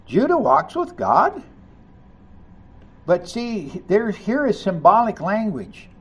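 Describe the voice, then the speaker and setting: A man preaching a sermon, reading scripture aloud and commenting on it, rising to loud emphasis on key lines. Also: high voice, wildly swooping pitch, slow, breathy edge. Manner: reads scripture aloud and comments between passages.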